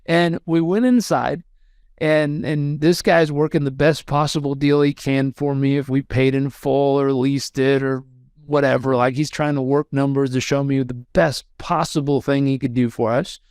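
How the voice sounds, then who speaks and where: Animated man telling a story, crisp voice. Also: mid-range voice, normal speed, dry recording, studio quality. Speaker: guest. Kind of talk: storytelling in a podcast interview.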